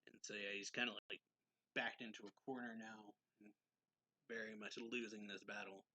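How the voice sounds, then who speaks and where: A man recaps a manga chapter in a loose, rambling way, full of "like" and "kinda". His voice sits fairly low but sounds bright and forceful. The recording is dry and close, with no room sound. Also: little pitch movement, normal speed, no echo. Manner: rambling, filler-heavy, loose and offhand.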